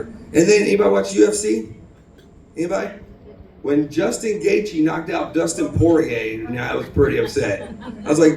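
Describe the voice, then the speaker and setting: A man's voice: on the high side, normal speed, vocal fry, mellow, reverberant, distant mic, slight background noise, low-quality recording. A man from Houston doing a rambling, self-deprecating open-mic stand-up set in a bar. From Houston, Texas. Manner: rambling, self-deprecating, many ums and restarts. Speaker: stand-up comedian. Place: bar stage.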